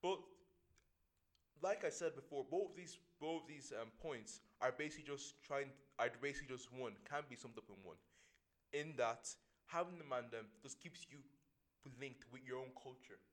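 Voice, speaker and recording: A man's voice: medium pitch, normal speed. A young man from Ireland talking casually as co-host, rambling and often laughing. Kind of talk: casual chat.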